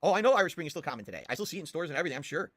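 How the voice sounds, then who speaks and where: A man hosting a live stream, reacting to old ads in crude, excitable casual commentary full of swearing. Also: fairly high pitch, very fast, no room sound. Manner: crude, swearing, excitable, bursts into loud laughter.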